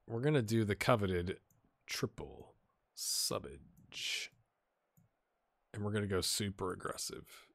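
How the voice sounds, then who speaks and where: An American man giving casual, lively commentary on a football management game and reacting loudly to the match. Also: lowish voice, slow pace, creaky, long pauses, no echo. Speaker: gaming YouTuber.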